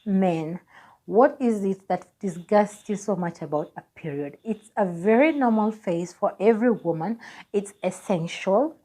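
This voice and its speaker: A young Kenyan woman in her twenties telling a personal story on her vlog, lively and laughing as she acts out what people said. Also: medium pitch, measured pace. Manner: animated, laughing, acts out dialogue. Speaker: vlogger.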